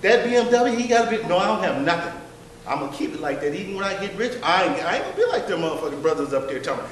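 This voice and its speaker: A man's voice: high-pitched, expressive, fast, a crowd in the background. A man performing a profane stand-up set in a comedy workshop, with brash, blunt storytelling. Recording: echoey room, distant mic.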